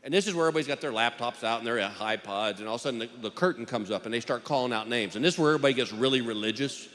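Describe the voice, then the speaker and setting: A man's voice: mid-range voice, very fast, fairly bright tone. A middle-aged man doing a stand-up comedy routine, telling a folksy story and acting out the courtroom voices. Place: large theater stage with live audience. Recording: live hall recording with audience. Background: audience laughter.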